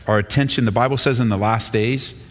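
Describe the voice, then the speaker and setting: A male pastor giving a sermon and reading scripture aloud, with an animated delivery that jumps higher in pitch when he quotes speakers. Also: a little fast. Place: church sanctuary. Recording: long hall reverb.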